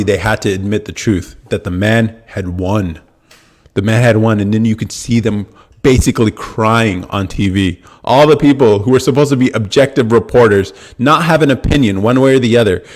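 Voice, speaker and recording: A young American man hosting a live podcast, telling a story in a casual, animated way and swearing freely. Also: medium pitch. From United States. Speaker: podcast host. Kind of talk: casual livestream talk.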